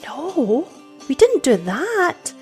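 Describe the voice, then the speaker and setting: A woman voicing a pair of eager young children, pleading in breathless, high-pitched tones. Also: big pitch swings, moderate pace, a little mellow, soft background music. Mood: desperate.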